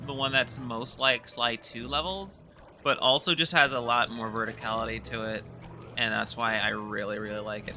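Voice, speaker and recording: A man's voice: lowish voice, vocal fry. A man chatting casually while he streams a video game, rambling and swearing now and then. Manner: rambling, swearing, laughs often. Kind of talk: casual gameplay commentary. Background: game music.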